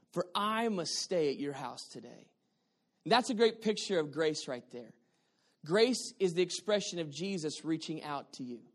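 A male pastor preaching a sermon. He moves from quiet, intimate lines to loud, emphatic ones and repeats key phrases for emphasis. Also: high voice.

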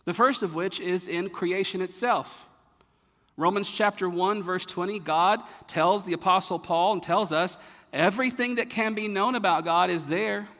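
A man preaches from the pulpit, his words echoing with long hall reverb. He builds toward forceful rhetorical questions, then drops his voice low and soft.

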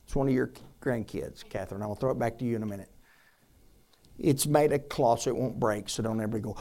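A man preaching a sermon as pastor, urging the room with rhetorical questions and swinging between loud appeals and soft asides. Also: mid-range voice, brisk.

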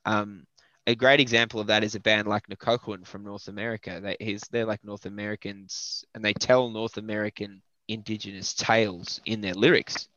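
A man's voice: fairly low pitch, little pitch movement, moderate pace, sharp tone, no room sound. An Australian man, a metal vocalist, chatting casually in an interview and thinking aloud with lots of fillers. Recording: dull lo-fi dry audio.

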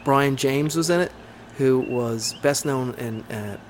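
A man's voice: mid-range voice, takes it slowly, a little hiss or hum. A man hosting a casual movie chat, enthusiastic and rambling with lots of fillers.

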